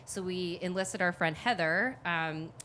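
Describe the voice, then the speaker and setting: A woman's voice: on the low side, a little slow, bright, forceful tone, a little hiss or hum. A woman singer in a vocal trio chatting loosely in a live-stream interview, laughing often and rambling with lots of fillers.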